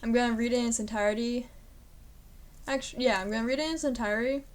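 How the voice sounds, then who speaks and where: A young woman student with a slightly high voice reads classic poems aloud for a class project. She then talks through their meaning in a loose, chatty way. Her explanations are full of "kind of" and "like," with the odd joke at her own expense. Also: fairly even intonation, fast. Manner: informal, hedging with many fillers; self-deprecating asides. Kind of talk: poetry reading and casual explanation.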